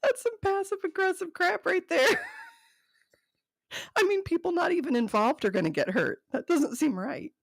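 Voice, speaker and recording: Woman host reading silly notes out loud, laughs a lot, bit of vocal fry, close dry mic. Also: very high voice, big pitch swings, a little slow, long pauses, no echo. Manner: amused, laughing often; dry commentary between readings. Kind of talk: casual reading of funny notes.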